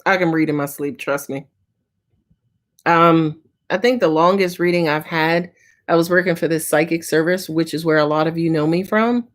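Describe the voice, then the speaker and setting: A woman's voice: deep voice, fairly even intonation, moderate pace. A woman tarot reader answering viewers' questions on a live stream, talking in a casual, slangy, profane way and sounding tired.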